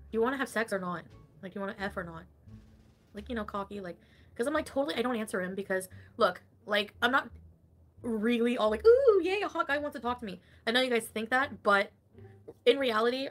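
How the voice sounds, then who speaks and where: A woman's voice: a little high, a bit bright. A woman streamer in casual livestream chat, gossiping with lots of giggles, swearing and "like" fillers. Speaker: online streamer.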